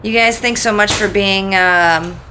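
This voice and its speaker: A woman's voice: mid-range voice, fairly even intonation, measured pace, pushed and bright, a little hiss or hum. A woman co-hosting a podcast in a casual chat, giggly and self-deprecating as she reads out thanks. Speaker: podcast co-host.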